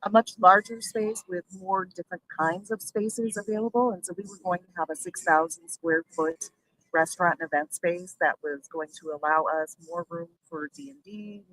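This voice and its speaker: A brewery owner in a livestream interview, talking heatedly and emphatically, the voice swinging between loud and soft. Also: mid-range voice, fairly even intonation, normal speed, a little hiss or hum, low-quality recording.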